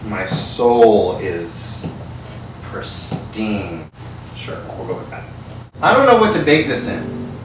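This man speaks slowly in a lowish voice whose pitch swoops wildly, leaving long pauses. Tipsy and loose, he rambles and curses through a comic home cooking vlog, bantering as he cooks. He sits far from the mic in a very echoey kitchen, with hard walls throwing back strong reverb over a faint hiss.

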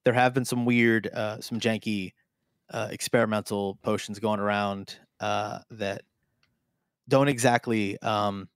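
A man's voice: lowish voice, fairly even intonation, measured pace, clean tone, no echo, clean studio sound. A man co-hosting a live improvised comedy stream, hesitant and full of fillers and restarts, talking into a desk mic. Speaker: co-host.

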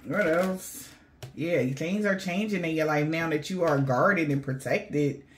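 Woman with doing a tarot reading, kinda low voice, animated, cusses a lot. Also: measured pace, a little hiss or hum. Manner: animated, swearing, laughing, slangy. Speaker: tarot reader. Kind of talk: casual tarot reading to viewers.

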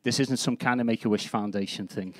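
A man's voice: mid-range voice, fairly even intonation, a little fast, no room sound. A man in his fifties from Liverpool with a Scouse accent, doing a live stand-up set in a comedy club with a brash, sweary, punchy delivery. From Liverpool, England. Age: 50s.

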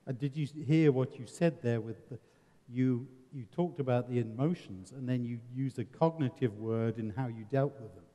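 A man from England with an English accent leads a seminar discussion as its presenter. He's earnest, using rhetorical questions and wry humour. His voice is medium-pitched and warm at a moderate pace, recorded in a reverberant hall.

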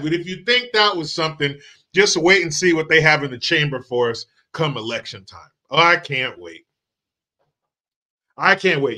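A man's voice: fairly high pitch, sharp tone. A man hosting his channel, giving a sarcastic, mocking and profane rant about a video clip. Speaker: channel host. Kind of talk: ranting commentary on a clip.

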